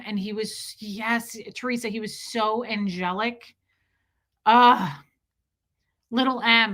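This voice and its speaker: A woman's voice: mid-range voice, pushed and bright. A young woman hosting a livestream, reading viewer messages and telling a heartfelt story in a casual, emotional way with many fillers.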